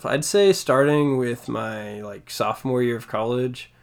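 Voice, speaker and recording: A young man in casual conversation, speaking in a fairly monotone, quiet way and laughing often. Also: mid-range voice, a little slow, clean tone. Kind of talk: casual chat.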